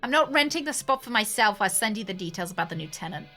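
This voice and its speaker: Woman reading as a calm male investigator for a game: plain, bright. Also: mid-range voice, quick pace, soft background music. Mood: matter-of-fact. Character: male detective agent, calm and matter-of-fact.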